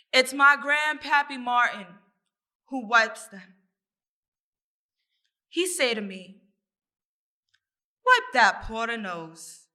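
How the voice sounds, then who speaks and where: A woman performs her spoken-word poem in a high, very bright and sharp voice. She takes it slowly and deliberately, leaning on rhythm and repetition. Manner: rhythmic, deliberate, repeating phrases. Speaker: poet.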